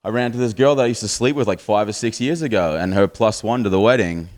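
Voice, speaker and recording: A man's voice: on the low side, quick pace, a little mellow. A man in his thirties with an Australian accent, performing a crude, rambling stand-up set on a live stage and chuckling at his own jokes. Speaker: stand-up comedian.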